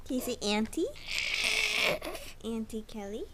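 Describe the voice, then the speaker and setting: A woman's voice: fairly high pitch, unhurried, heavy background noise. A woman in a home video coaxing a toddler with sing-song baby talk and repeated questions. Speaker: family member coaching a toddler.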